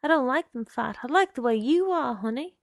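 A woman voicing a sinister young man who coaxes and threatens a girl in a slow, insistent drawl. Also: sits high, animated, creaky, dry recording, studio quality, voice pushed up. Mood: coaxing menace. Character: sinister smooth-talking young man, menacing suitor.

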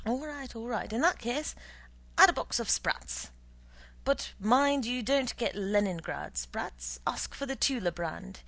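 A woman's voice: a little high, animated, measured pace, gravelly, fairly bright tone, no echo, voice pushed up, full character voice, rough recording. Woman reading as a dry, stingy husband. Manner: dry, lecturing, penny-pinching. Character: stingy, stern middle-aged husband.

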